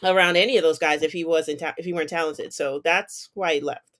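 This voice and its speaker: An American co-host on a music podcast, chatting casually, agreeing readily and quick to laugh. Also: mid-range voice, fairly even intonation, fairly bright tone. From United States. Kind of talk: casual chat.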